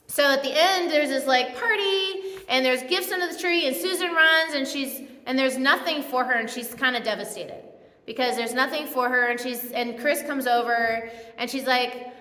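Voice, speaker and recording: Bright chatty woman preaching in an echoey church. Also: high-pitched, moderate pace. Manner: chatty, laughing, self-correcting storyteller. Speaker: speaker at a church. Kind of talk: casual sermon retelling a movie plot. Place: church sanctuary. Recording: echoey hall with long reverb.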